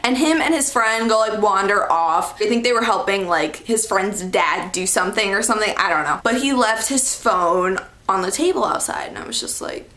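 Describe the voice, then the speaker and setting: A woman's voice: mid-range voice, normal speed, few pauses, reverberant. A young woman telling a personal story to camera in a casual, chatty way, full of "like" and "okay". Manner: chatty, animated, heavy use of "like" and "okay". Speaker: storytime vlogger.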